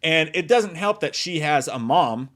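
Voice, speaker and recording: A man casually reviewing a horror movie, swearing freely and acting out lines in loud shrieking voices. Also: on the high side, measured pace. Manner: profane, animated, acts out quotes in big shrieking voices. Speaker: movie review podcast host. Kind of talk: casual spoiler review chat.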